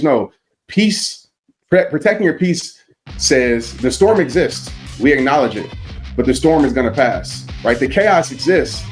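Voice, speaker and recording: A man's voice: medium pitch, expressive, moderate pace, soft background music. A man who works as a motivational speaker, a podcast guest telling a personal story in an earnest, reflective way. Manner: earnest and reflective, with vivid retelling.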